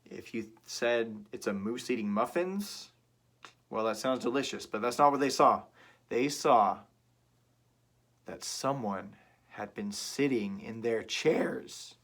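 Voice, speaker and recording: Slow, playful male storyteller. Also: mid-range voice, fairly bright tone. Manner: slow, playful and drawn-out, asking the listener questions. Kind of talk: children's story reading.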